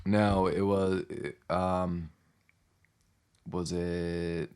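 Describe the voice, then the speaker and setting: A man's voice: low voice, flat delivery, extremely slow, a little mellow, clean tone. Giggly man chatting about a movie. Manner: giggly, rambling with fillers. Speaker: podcast co-host. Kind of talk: casual movie recap chat.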